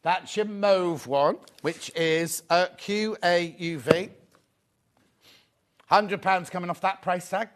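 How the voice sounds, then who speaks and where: A man hosting a live shopping show, chatty and excitable, often repeating his phrases. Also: sits high, slow pace. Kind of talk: live sales presentation.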